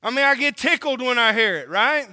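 A man's voice: extremely high pitch, animated, a little fast, sharp tone, clean tone, big-room sound. A man from Oklahoma preaching a sermon, emphatic and drawn out, asking the congregation rhetorical questions.

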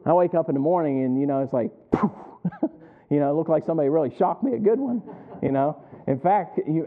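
A man preaches in a slightly high voice, swinging between chatty stories and drawn-out scripture. He keeps asking the congregation to call out the missing words. The sound is thin and tinny, like it came down a phone line. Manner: animated storytelling, asks the congregation to fill in words. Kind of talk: sermon.

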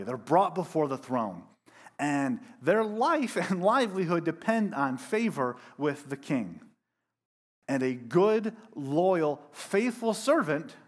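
A male pastor preaching a sermon to a congregation in an animated, emphatic and self-deprecating way. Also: a little high. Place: church room with a congregation.

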